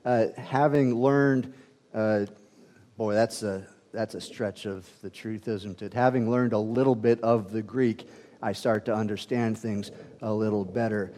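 A man's voice: fairly low pitch, steady tone, a little slow, dark tone, long reverb tail. A man preaching a conversational teaching sermon, with frequent fillers and restarts as he works through a scripture passage. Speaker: pastor.

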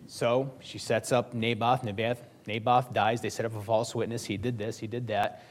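A man's voice: mid-range voice, flat delivery, normal speed, few pauses, slight background noise. A male pastor preaching a sermon in a conversational, joking storytelling manner.

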